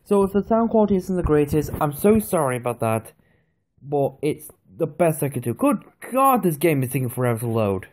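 A man's voice: fairly high pitch, very animated, brisk, darkish tone, slight background noise. A young man casually commenting on a phone game he is playing, rambling and nervous, recorded on the phone itself. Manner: nervous, jumpy, rambling with fillers. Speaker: gaming channel host.

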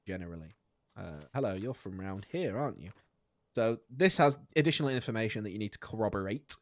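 A man giving live commentary on a game he is playing, jokey and sweary, laughing often, with sudden high squeaks of outrage. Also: animated, a little fast, no room sound. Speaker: streamer.

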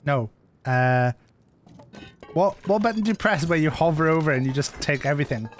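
Chatty streamer man, slightly high. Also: moderate pace, soft background music. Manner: chatty, repeats himself. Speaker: game streamer. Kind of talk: live gameplay commentary.

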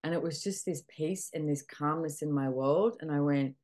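A middle-aged woman with a low voice hosts a candid coaching conversation. She talks animatedly, acting out little back-and-forth dialogues and swearing casually. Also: moderate pace, hardly any pauses, darkish tone. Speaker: podcast host and facilitator.

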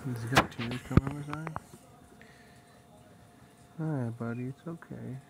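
Father cooing slowly to his baby. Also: medium pitch, creaky, background noise. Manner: soft, slow, repetitive cooing. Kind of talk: baby talk to newborn son.

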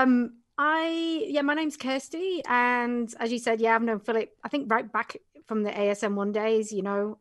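Talkative english lady guest on a podcast, kinda high voice, super dry sound. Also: fairly bright tone, no room sound. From England. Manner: chatty and talkative. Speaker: guest, business coach. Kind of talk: casual podcast interview.

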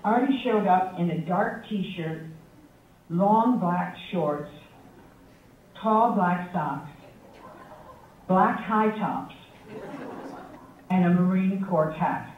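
A high-voiced man delivers a prepared tribute in an unhurried, wry storytelling manner. He sounds thin and phone-like, caught from a distance in a very echoey hall. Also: a little hiss or hum. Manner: measured storytelling with a wry, affectionate tone. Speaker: tribute speaker at a memorial forum. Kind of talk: prepared anecdotal tribute speech. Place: university forum hall with audience.

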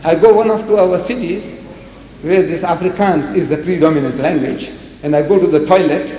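Emphatic lecturer in hall. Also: male voice, a little high, normal speed. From South Africa. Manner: emphatic, animated, quotes scripture and acts out dialogue. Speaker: lecturer on religion. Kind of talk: public debate lecture. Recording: echoey hall, long reverb.

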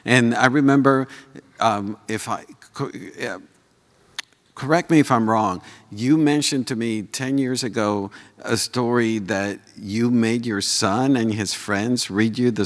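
Slow-talking man moderating a Q&A. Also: medium pitch, a bit bright. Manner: hesitant, rephrases questions mid-sentence. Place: live Q&A on a theater stage. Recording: long hall reverb.

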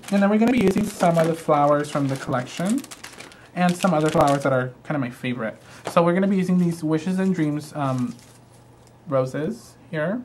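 A man's voice: mid-range voice, a little mellow, slight background noise. A man hosting a live craft show, walking through products in a gushing, chatty way with frequent "um" fillers.

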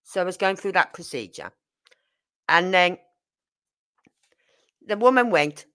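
A woman's voice: on the low side, measured pace, long pauses. A woman, chatting casually on a livestream and acting out the dialogue in her stories. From Birmingham, England. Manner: animated storyteller acting out dialogue. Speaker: livestream host. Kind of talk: casual live chat.

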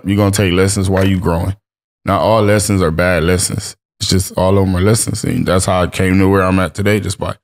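A man guest on a podcast, telling laid-back stories in casual chat with heavy slang and swearing. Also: deep voice. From Los Angeles. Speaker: podcast guest, streetwear brand owner.

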